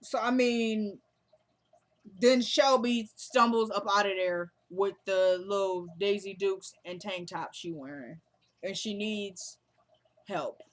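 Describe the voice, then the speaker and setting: A woman's voice: mid-range voice, fairly even intonation, slow pace. A woman walks through a TV episode in an easy, casual recap vlog, talking straight to the people watching. She retells the scenes and the characters' lines in her own chatty way, with plenty of asides to her viewers.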